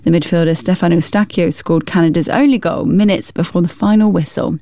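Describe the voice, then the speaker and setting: Female newsreader, low mellow voice with some fry, dry close sound, formal measured read. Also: no room sound. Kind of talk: scripted news bulletin.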